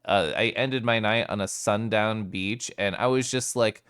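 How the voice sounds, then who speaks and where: A man's voice: on the low side, measured pace, fairly bright tone, clear, resonant tone. A man streaming live, chatting casually with his viewers, playful and giggly as he greets them by name.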